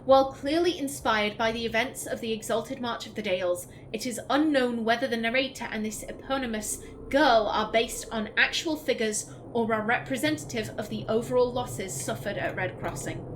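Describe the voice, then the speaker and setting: Let's-play host, woman, slightly high voice, emotional lore reader, faint hiss behind. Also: rough recording. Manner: emotional, reads verse gently, then chats with quick laughing asides. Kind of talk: reading in-game texts aloud with casual commentary.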